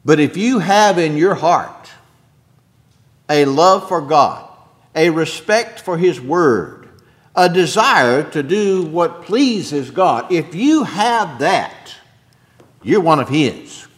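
Emphatic, lively preaching man. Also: on the high side, takes it slowly. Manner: emphatic preaching, dropping soft then rising loud; throat-clearing, chuckling asides to the congregation. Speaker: pastor. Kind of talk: sermon.

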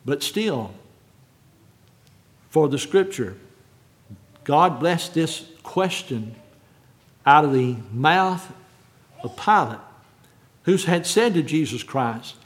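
A man delivers a sermon in a somewhat high voice. He climbs to loud, emphatic repetition, then sinks back to a hushed, deliberate reading of scripture. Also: lively intonation. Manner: builds to shouted quotes, then drops to hushed reading. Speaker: preacher.

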